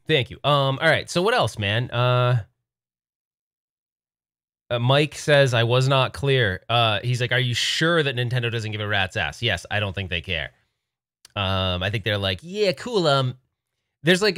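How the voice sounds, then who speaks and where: A man hosting a casual live chat, rambling and excitable, laughing easily. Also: mid-range voice, no room sound, clean studio sound. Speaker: livestream host.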